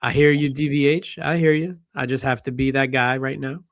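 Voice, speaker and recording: A man's voice: mid-range voice, fairly even intonation, a little fast. A man hosting a casual pop culture panel show, joking around and reading out viewer comments. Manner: jokey, reads chat comments aloud. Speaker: host.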